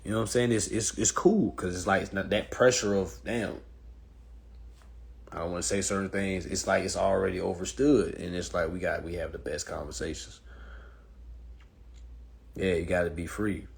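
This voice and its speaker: Blunt gravelly man on a phone stream. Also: normal speed, pauses often. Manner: blunt, profane, animated; mocks women in a high falsetto. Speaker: live stream host. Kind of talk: casual monologue to viewers.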